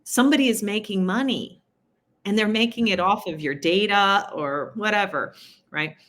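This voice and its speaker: A woman's voice: mid-range voice, fairly bright tone. A woman from New York City, a city council candidate, talking casually in an interview with frequent asides and laughs. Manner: chatty, quick asides, laughs at her own points.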